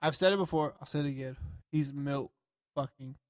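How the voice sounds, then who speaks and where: A man co-hosting a podcast, talking in a rambling, profane and animated way. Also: medium pitch, fairly quick, no room sound, studio quality. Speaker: podcast co-host. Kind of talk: casual chat.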